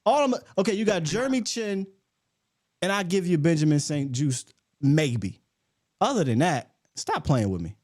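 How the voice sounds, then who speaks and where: Lively, fired-up man debating football. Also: a little high, normal speed. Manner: animated, gets worked up and loud. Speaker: sports podcast host. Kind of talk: casual sports debate.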